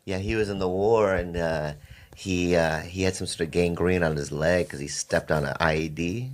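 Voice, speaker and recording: A man chatting on a podcast, telling a story in a halting way. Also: sits low, fairly even intonation. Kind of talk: casual chat.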